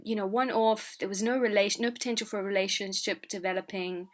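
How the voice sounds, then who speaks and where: A woman hosting a casual podcast, asking her guest gentle, probing questions. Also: mid-range voice, fairly even intonation, fast talker. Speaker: podcast host. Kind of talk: interviewing in casual chat.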